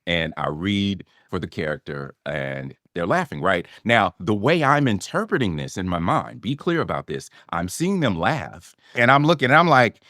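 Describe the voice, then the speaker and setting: Animated middle-aged man telling a story. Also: low-pitched, normal speed, few pauses, no room sound, clean studio sound. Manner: animated, acts out his own past lines with swearing and laughter. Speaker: actor guest. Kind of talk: storytelling podcast interview.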